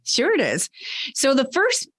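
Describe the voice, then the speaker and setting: A woman guest on a podcast, explaining leadership ideas in a measured, conversational way. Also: high-pitched, huge pitch swings, a bit bright. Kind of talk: conversational advice.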